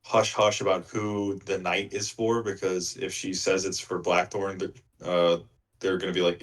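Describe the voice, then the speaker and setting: A man's voice: low-pitched, level tone, normal speed. A man co-hosting a book club podcast, retelling the story in a rambling, casual way with lots of filler words. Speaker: podcast co-host.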